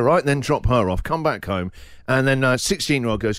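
A man's voice: medium pitch, fast, dry recording. A middle-aged man hosting a radio show, telling a funny story in casual chat with jokes and laughter. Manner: animated, jokey, laughing storyteller.

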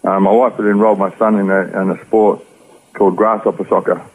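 An Australian interview guest recounts his life story as personal testimony, earnest and rambling. His low-pitched voice is brisk with a flat delivery, heard through tinny, phone-like radio audio.

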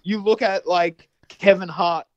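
A man recounting a film plot in rambling, animated casual chat, swearing freely. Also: sits high, unhurried, no echo, muffled recording.

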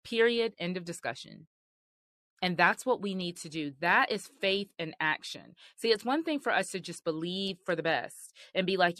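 A woman's voice: fairly low pitch, lively intonation, normal speed, a bit bright, dry recording. A woman host giving sermon-style marriage teaching, earnest and emphatic in a conversational way.

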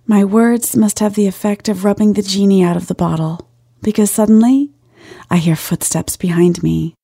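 A woman's voice: mid-range voice, steady tone, normal speed, vocal fry, dark tone, slightly rough, no room sound, studio quality. A woman narrating a first-person story in a wry, lightly amused way.

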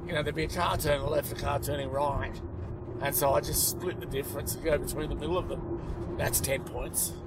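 Australian male comic in his fifties, slightly high voice, loose rambling storyteller, street traffic behind. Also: fairly even intonation, brisk. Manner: rambling storyteller, lots of fillers. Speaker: comedian podcast co-host. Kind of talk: casual chat.

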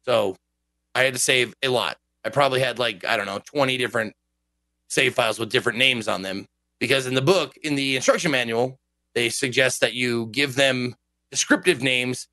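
A game streamer with a medium-pitched voice rants animatedly in a casual podcast chat, swearing often. He speaks at a moderate pace, and the recording is dry.

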